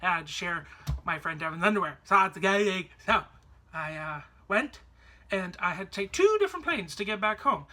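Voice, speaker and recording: A man's voice: high voice, expressive, fairly quick, bright, forceful tone. A man from Canada, chatting to camera about a trip in a rambling way, full of fillers and restarts. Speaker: vlogger. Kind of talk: casual storytelling to camera.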